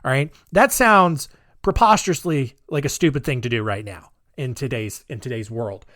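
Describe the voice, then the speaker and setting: A man's voice: mid-range voice, normal speed, fairly bright tone, no room sound, studio quality. A man hosting a podcast, telling a story in a chatty, rambling way with sarcastic asides. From United States. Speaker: podcast host.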